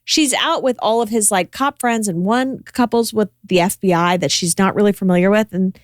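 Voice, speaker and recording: A woman's voice: mid-range voice, normal speed, dry recording. Chatty woman co-host, dry close sound. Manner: animated storytelling, many "like" asides. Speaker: podcast co-host. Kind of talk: casual chat.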